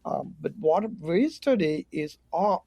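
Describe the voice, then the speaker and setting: A man's voice: on the high side, lively intonation, slow pace, vocal fry, mellow, no room sound. A man who is a professor and podcast guest, explaining his research with frequent fillers. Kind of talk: interview answers.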